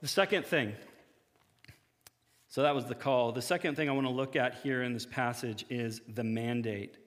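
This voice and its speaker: A male pastor giving a conversational sermon to his church, often acting out quick imagined dialogues. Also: mid-range voice, big-room sound.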